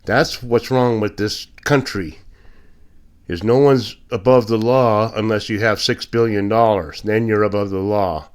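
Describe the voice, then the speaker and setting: A man's voice: lowish voice, steady tone, unhurried, smooth. A man delivering a blunt, indignant opinion monologue as a podcast host, with sarcastic asides. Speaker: political commentator.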